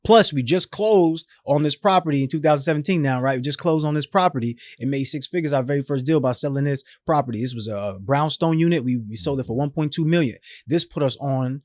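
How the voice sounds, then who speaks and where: Brief: man, 30s, podcast guest, lively slangy storyteller, slightly high voice, dry close sound. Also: fairly quick, hardly any pauses, dry recording. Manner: animated, emphatic, slangy, acts out quoted voices. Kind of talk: storytelling in a casual interview.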